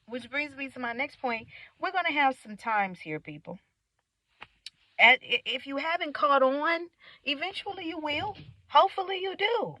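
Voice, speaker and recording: Woman vlogger, profane rambling rant, fairly high voice, dry close sound. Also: animated, fairly quick, sharp tone, dry recording, rough recording. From United States. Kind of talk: casual ranting monologue.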